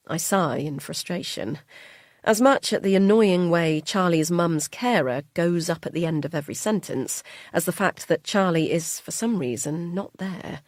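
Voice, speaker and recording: A woman reading a first-person thriller audiobook in a quiet, measured way. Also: lowish voice, gravelly, no echo, studio quality. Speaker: audiobook narrator.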